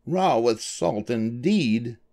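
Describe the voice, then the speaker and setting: An older man reading aloud and voicing a small, fussy male mouse dentist in a high, clipped, firm voice. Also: sing-song, measured pace, vocal fry, dark tone, full character voice. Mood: stern.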